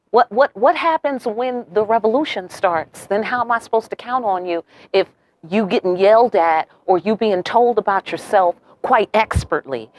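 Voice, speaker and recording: Brash, profane woman tarot reader. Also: mid-range voice. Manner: brash and profane, full of rhetorical questions and "okay?". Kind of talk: casual tarot reading to camera.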